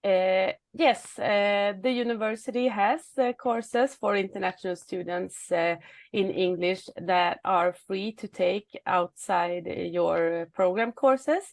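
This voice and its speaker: A woman answers a student's question during an online webinar. She speaks slowly and with hesitation, and the sound is dry and close. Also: medium pitch, dry recording.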